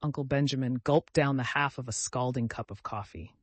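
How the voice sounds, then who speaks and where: A man narrating an audiobook in a steady, measured reading voice. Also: medium pitch, slightly rough, dry recording. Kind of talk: scripted narration.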